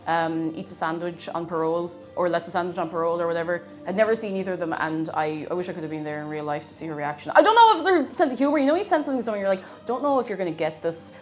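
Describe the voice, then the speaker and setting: A woman streaming live, chatting casually with viewers in a playful, giggly way, humming to herself now and then. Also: fairly low pitch. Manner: chatty and playful, laughs often, hums to herself.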